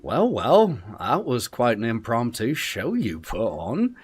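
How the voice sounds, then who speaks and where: A man's voice: medium pitch, wildly swooping pitch, takes it slowly, husky, faint music behind, exaggerated voice. A man voicing a shrewd tavern keeper woman. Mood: sly.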